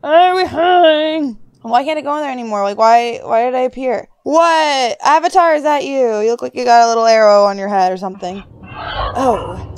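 A woman's voice: fast talker, few pauses, darkish tone, smooth, no echo. A young woman casually commenting as she plays a horror game, reading text aloud and joking to herself. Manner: squeals in high-pitched surprise. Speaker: gaming YouTuber. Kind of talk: let's play commentary.

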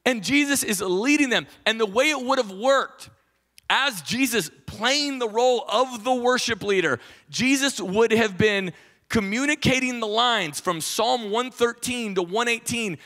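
A pastor delivering a sermon in a high, ringing voice. He talks to the congregation like a friend, animated and quick to restart a thought. He acts out quotes along the way. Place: church stage.

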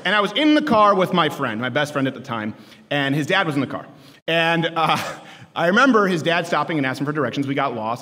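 A man in his thirties giving a joking, sarcastic campus speech to students, shouting his punchlines. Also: a little high. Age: 30s. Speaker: political commentator speaking to students. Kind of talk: stand-up style campus speech. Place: large lecture hall with a live audience. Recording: echoey hall, live crowd.

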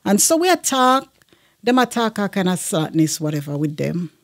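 A woman's voice: fairly low pitch, big pitch swings, moderate pace. Earnest woman telling her story. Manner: earnest, with frequent fillers. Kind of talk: personal testimony storytelling.

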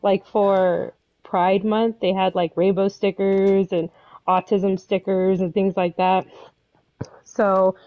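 A woman's voice: medium pitch, flat delivery, slow pace. A woman, tired and teary, chatting as a guest and rambling through stories with lots of fillers. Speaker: guest on a stream. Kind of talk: casual chat. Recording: dull lo-fi audio.

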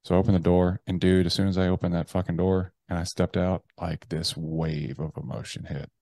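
Deep-voiced man telling a raw story. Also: level tone, brisk, vocal fry, mellow, dry recording. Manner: casual and profane, heavy use of "like" and "bro". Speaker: interview guest, army veteran. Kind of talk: casual personal storytelling.

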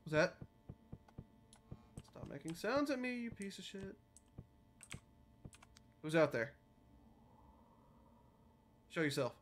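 A woman's voice: on the low side, very animated, takes it slowly, long pauses, slight background noise. A woman streaming a game, jumpy and nervous, talking to herself and her chat and swearing often. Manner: nervous, wavering loudness. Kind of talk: live gameplay commentary.

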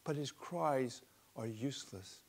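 A man reading aloud from his own book of fables, deliberate and relishing the words. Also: medium pitch. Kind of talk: storybook narration.

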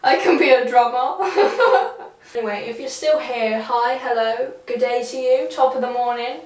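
A woman's voice: on the high side, unhurried. A young woman vlogging in a rambling, giggly, self-mocking way, talking to a camera on a tripod in a small room. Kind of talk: casual chat to camera. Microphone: camera on a tripod a few feet off. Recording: echoey room, voice from the camera's distance.

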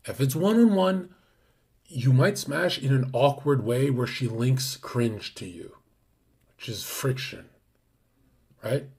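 A man hosting a livestream, talking in a brash, crude, casual way and sometimes dropping to a hushed whisper. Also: medium pitch, lively intonation, slow, long pauses, husky. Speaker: streamer host.

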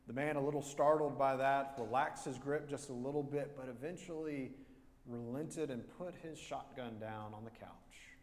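A man's voice: medium pitch, moderate pace. A male pastor preaching an earnest sermon, telling a story and repeating key phrases for emphasis. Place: church sanctuary. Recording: long church reverb.

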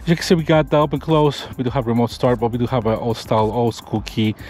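A car reviewer walks around and inside a pickup truck, giving a casual, enthusiastic review and pointing out features as he goes. His mid-range voice is a little mellow and moves at a quick pace.

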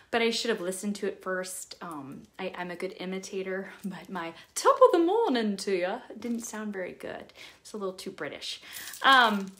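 A woman vlogger talking casually to her viewers, chatty and animated as she shares personal reflections. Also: fairly high pitch. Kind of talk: casual talk to camera.

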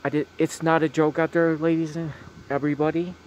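Gentle man filming holiday lights outdoors. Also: fairly high pitch, flat delivery, fairly quick, a little hiss or hum. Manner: repetitive, gentle, keeps saying very very nice. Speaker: vlogger. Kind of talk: casual vlog tour. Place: outdoors at night by a house.

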